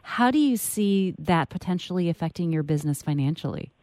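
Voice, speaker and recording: A woman hosting a radio interview, speaking in a measured, clear way. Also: lowish voice, animated, dark tone, no room sound. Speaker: radio host.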